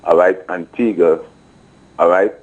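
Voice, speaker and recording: Man, radio caller, earnest, very deep voice, muffled phone line. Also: fairly even intonation, a little slow. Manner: earnest, addresses the nation.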